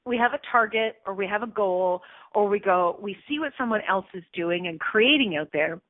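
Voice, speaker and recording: A woman's voice: medium pitch, normal speed, no echo, phone-quality sound. A woman hosting a self-help radio show, talking expressively and acting out anxious inner voices.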